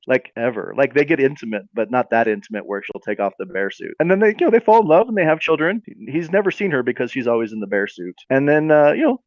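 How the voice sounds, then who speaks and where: A man tells a silly tale on a podcast, rambling and restarting often. His pitch leaps about with lively swings. The recording sounds muffled and completely dry. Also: dry recording. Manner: rambling, lots of fillers and restarts. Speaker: podcast co-host. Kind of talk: casual comedic storytelling. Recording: dull dry podcast audio.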